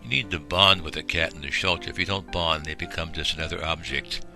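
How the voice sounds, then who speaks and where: Very deep-voiced man narrating a home video. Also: a little fast, vocal fry, sharp tone. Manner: folksy and rambling, with frequent fillers. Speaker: shelter volunteer and video narrator. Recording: music playing behind.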